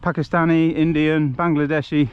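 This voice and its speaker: A man's voice: a little high, level tone, normal speed, smooth, phone-quality sound. A man from England chatting casually and rambling through stories as he walks along a rural road, recorded on a handheld camera outdoors. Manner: chatty, rambling, laughs often. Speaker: vlogger on a charity walk. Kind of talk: casual chat while walking.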